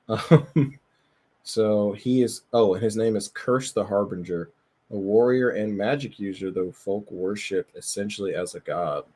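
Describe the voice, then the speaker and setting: A man streaming, chatting casually and profanely as he looks over a tabletop game, laughing often. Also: low-pitched. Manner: loose, profane, laughs often, rambling with filler words. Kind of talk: casual chat while browsing a tabletop game.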